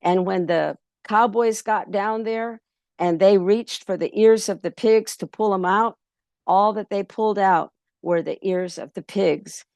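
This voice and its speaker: A woman storyteller at a festival workshop who tells a folk tale in an easy, rambling way, with many pauses. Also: mid-range voice, dry recording, studio quality. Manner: relaxed, many ums and restarts.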